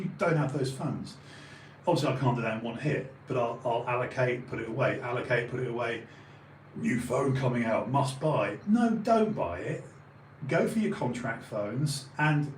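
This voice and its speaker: Speaking at medium pitch, a man in his late forties rambles through a live stream chat, swearing freely amid fillers and restarts. It's a roomy home recording with faint ambience and a little hiss or hum.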